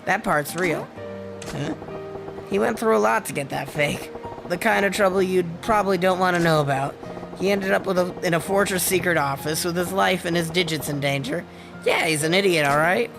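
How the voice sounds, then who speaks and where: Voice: medium pitch, normal speed, vocal fry, over music, close to an everyday voice, low-quality recording. A streamer voicing a brash, blunt yakuza man in a game, reading his lines in a streetwise lecturing tone. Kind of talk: reading game dialogue aloud.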